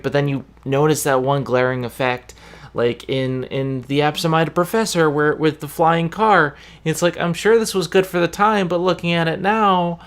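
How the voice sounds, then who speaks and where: A podcast host giving opinions in casual chat, deliberate and prone to restarts. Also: medium pitch, fairly even intonation, smooth.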